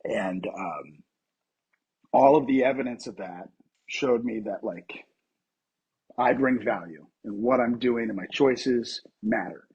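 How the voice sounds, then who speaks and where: Very husky-voiced American man telling stories. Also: mid-range voice, takes it slowly, long pauses, highs cut off. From Colorado, USA. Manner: animated, lively storyteller with many fillers. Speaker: actor, podcast guest. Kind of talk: casual interview storytelling.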